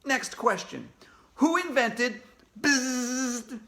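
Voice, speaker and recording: A man playing a drawn-out quizmaster. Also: very high-pitched, pushed and bright, voice pushed up, exaggerated voice. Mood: announcing. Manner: slow, drawn-out quizmaster announcing. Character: grown man as a cheerful quiz show host.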